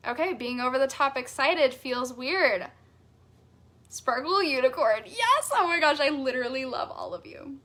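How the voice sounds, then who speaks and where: Bubbly high-voiced woman coach. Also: moderate pace, a bit bright. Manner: bubbly and enthusiastic, reads out chat comments. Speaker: business coach. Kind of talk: live masterclass teaching.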